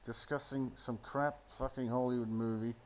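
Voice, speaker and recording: A man's voice: medium pitch, fairly even intonation, normal speed, slight background noise. A man rambling into a phone, giving a sardonic, profane running commentary on a film. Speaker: solo commentator.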